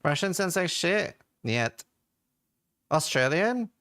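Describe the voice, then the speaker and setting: A man's voice: on the high side, sing-song, takes it slowly, fairly bright tone. A man from Norway, a game streamer, chatting casually and reading his chat aloud with offhand swearing.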